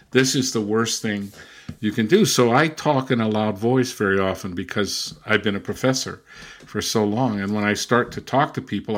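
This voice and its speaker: Older man telling stories, relaxed. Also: fairly low pitch. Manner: relaxed, rambling, with frequent restarts and fillers. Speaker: linguist and former missionary. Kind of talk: casual interview storytelling.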